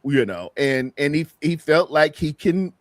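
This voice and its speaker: A man rants in loose podcast chat, circling back to the same complaints again and again. His voice sits a little high, and the recording is close and dry with no room sound. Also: a little slow, no echo. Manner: animated, repetitive, heated ranting. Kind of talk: casual sports podcast chat.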